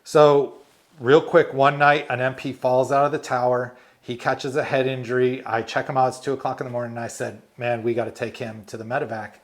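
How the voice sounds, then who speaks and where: This man speaks at a medium pitch and a fairly quick pace. He's a retired army medic from the United States recounting war stories in an interview, a lively storyteller who laughs a lot and performs the lines he quotes.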